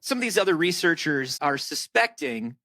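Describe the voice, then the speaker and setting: A man co-hosting a comedy podcast, chatting casually and often breaking into goofy put-on voices. His voice sits a little high for a man. It is recorded close and dry, with no room sound. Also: big pitch swings, normal speed, bright, forceful tone, no room sound. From Florida. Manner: jokey, breaks into silly character voices. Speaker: podcast co-host.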